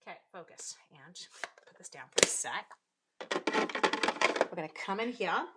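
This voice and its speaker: A woman's voice: on the low side, expressive, moderate pace, heavy background noise. A woman chatting bubbly and casual through a live card-making demonstration from her home craft room. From Canada. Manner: chatty and bubbly, greets viewers. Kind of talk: live-stream crafting demo.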